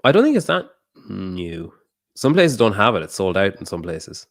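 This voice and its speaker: Deep-voiced Irish man, dry close sound. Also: sing-song, moderate pace, vocal fry, dry recording. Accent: Irish, Donegal area. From Ireland. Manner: laid-back, swears freely, trails off and restarts. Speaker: podcast co-host. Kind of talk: casual chat.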